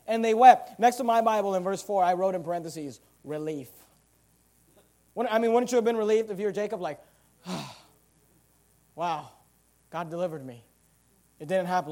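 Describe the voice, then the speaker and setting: A man's voice: very high voice, darkish tone. A man preaching a sermon, teaching verse by verse and acting out the characters' thoughts in quoted asides. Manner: verse-by-verse Bible teaching, urging listeners to underline words. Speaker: pastor.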